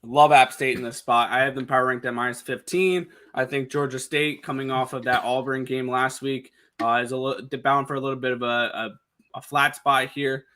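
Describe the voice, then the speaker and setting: A man co-hosting a sports betting show, talking quickly through point spreads and picks with frequent restarts. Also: medium pitch, fairly even intonation, sharp tone. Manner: fast, number-heavy with frequent restarts. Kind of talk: casual picks talk.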